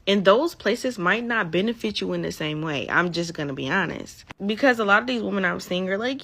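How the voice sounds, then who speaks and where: Gravelly, bright woman giving blunt advice. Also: medium pitch, expressive, a little fast, hardly any pauses. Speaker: commentator. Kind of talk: casual opinion to camera.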